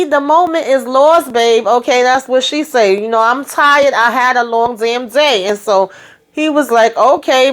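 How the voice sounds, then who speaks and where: A woman, casually recapping a TV episode and acting out the characters' lines, with frequent asides like "okay?" and "you know.". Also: on the high side. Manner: animated, retells scenes acting out the characters' lines. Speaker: YouTube show recapper.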